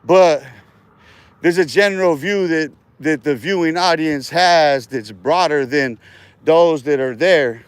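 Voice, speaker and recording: A man running his own livestream in a rambling, profane rant, taunting viewers and laughing often. His speaking voice sits high for a man. The recording is dry and close, with no room echo. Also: slow pace, clear, resonant tone. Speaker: livestream host.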